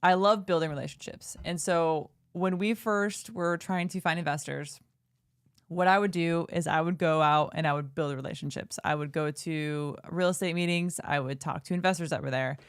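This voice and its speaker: A woman's voice: deep voice, fairly even intonation, normal speed, clean tone, no room sound, studio quality. Earnest woman sharing encouragement. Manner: earnest, encouraging, personal storytelling. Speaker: co-presenter. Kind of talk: motivational business talk.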